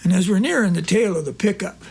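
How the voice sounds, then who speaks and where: A man's voice: high-pitched, animated, fast, creaky, darkish tone, slight background noise. A man performing as a cowboy poet, reciting rhymes and telling stories on stage in a folksy drawl full of rural slang.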